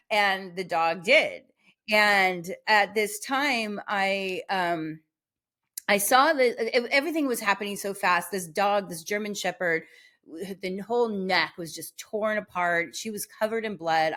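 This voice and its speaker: Woman telling a rambling personal story. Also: mid-range voice. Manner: rambling, with many restarts and filler words; animated, acts out the voices in her story. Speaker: podcast host.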